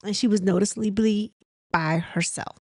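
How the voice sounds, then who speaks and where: Recapping a reality show episode, a woman rambles casually with plenty of ums, fillers, and restarts, laughing as she mimics the cast. Her medium-pitched voice is steady, moderately paced, and a little mellow, captured in clean studio sound with no echo.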